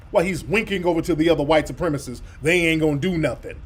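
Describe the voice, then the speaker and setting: Blunt, high-voiced male commentator. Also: fast talker, few pauses, breathy edge. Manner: blunt, profane, mocking. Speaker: radio host. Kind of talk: commentary over played clips.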